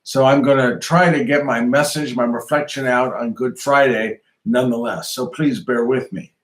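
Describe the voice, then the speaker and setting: A man hosting, giving a calm, measured devotional reflection to the camera. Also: mid-range voice. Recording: roomy echo.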